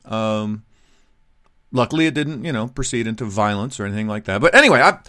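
A middle-aged man tells a casual travel story, rambling and animated, doubling back on his words. His voice rises and falls a great deal. The sound is dry, with no room echo. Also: lowish voice, fairly quick. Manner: animated, rambling with many restarts and asides.

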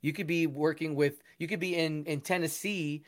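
An enthusiastic man with a fairly high voice, talking in a casual interview. He is earnest and keeps restarting his sentences as his ideas pile up. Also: steady tone, normal speed. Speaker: guest, musician and education founder.

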